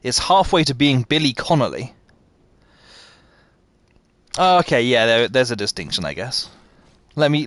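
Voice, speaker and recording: A man's voice: medium pitch, fairly bright tone, no room sound. British man chatting over a game stream. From Britain. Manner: self-deprecating, quick asides to chat, laughs often. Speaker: gaming streamer. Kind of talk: casual live gameplay commentary.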